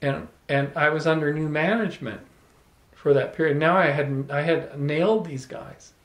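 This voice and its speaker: A man's voice: on the high side, normal speed, echoey room. A man telling a personal story to a small audience, reflective, with restarts and repeated words. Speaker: speaker at a salon talk. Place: room with a small live audience.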